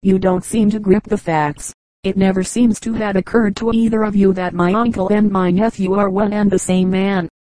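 Woman reader doing a matter-of-fact male traveling salesman, mellow voice, storybook. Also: mid-range voice, level tone, normal speed, dry recording, close to an everyday voice, poor audio. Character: chatty puzzling male commercial traveler.

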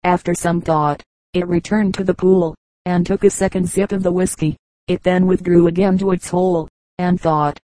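A woman reading an audiobook in a measured, even narration. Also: lowish voice, no echo, low-quality recording. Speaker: audiobook reader. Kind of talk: scripted narration.

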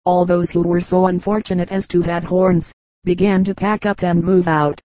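Female audiobook narrator, measured, mellow and dry. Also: on the low side, dry recording, poor audio. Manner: measured, steady reading. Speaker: audiobook reader. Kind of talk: scripted storybook narration.

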